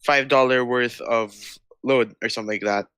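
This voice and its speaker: Bright, crisp-voiced man chatting. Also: medium pitch, steady tone, normal speed, no room sound. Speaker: player. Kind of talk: casual chat between players.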